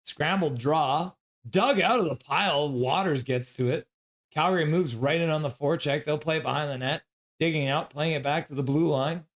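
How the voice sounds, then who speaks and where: A man calling hockey play-by-play on a fan livestream, brisk on the action and joking while reading chat. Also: fairly high pitch. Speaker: play-by-play caller.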